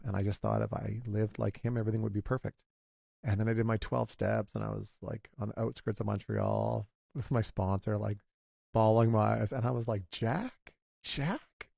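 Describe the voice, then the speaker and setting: A man in his forties, talking in a halting, confessional way, with many restarts, as a guest in a candid conversation. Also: on the low side, flat delivery, creaky, warm tone, no room sound, studio quality. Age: 40s.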